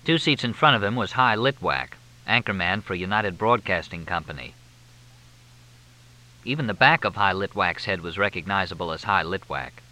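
A male audiobook narrator with a bright, forceful voice and lively pitch. He tells the story in a measured, even way. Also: rough recording. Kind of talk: scripted narration.

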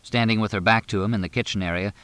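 Low, dry-sounding man narrating a novel at a steady, measured pace. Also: clear, resonant tone, no echo. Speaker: audiobook narrator. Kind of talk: scripted narration.

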